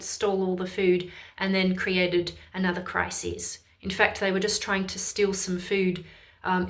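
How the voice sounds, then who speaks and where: A woman's voice: on the low side, a bit bright. A woman with an Irish accent giving heated, emphatic, exasperated political commentary in a ranting video. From Ireland.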